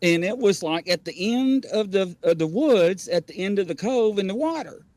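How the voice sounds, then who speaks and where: A man hosting a loose, chatty livestream. His voice swings widely in pitch and sits a bit higher than most men's as he spins rambling, laugh-filled stories. The sound is dry and close. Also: normal speed, dry recording. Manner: animated, rambling storyteller who laughs often. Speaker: host of a paranormal variety show. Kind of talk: casual livestream chat.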